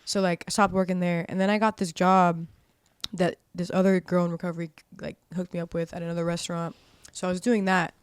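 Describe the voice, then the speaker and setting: A woman's voice: fairly low pitch, flat delivery, a little fast, clean tone, no echo. A woman in her twenties, a podcast guest, telling her story candidly in a profane, rambling way full of "like". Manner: profane and rambling, heavy use of "like".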